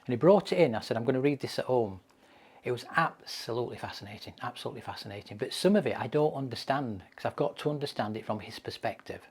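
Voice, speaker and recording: A man leads a mental health training session and talks through case stories. His voice is gravelly and husky, and he leans on repeated phrases for emphasis. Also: mid-range voice, expressive, fast talker, a little mellow. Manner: anecdotal, emphatic repetition.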